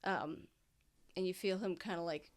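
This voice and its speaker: A woman's voice: fairly low pitch, steady tone, moderate pace. A woman running a tabletop game, narrating in a loose way full of fillers. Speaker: game master.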